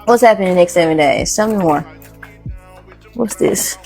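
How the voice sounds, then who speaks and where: A woman's voice: mid-range voice, animated, moderate pace, vocal fry, a little mellow, soft background music. A woman doing a casual tarot reading, blunt and slangy, swearing freely. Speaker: tarot reader.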